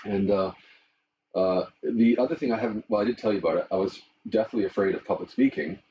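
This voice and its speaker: Middle-aged man, lowish voice, animated anecdotal pastor, muffled lo-fi recording. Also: fairly quick, distant mic. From Canada. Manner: animated storyteller, chuckles often. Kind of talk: interview conversation. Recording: muffled lo-fi with faint noise.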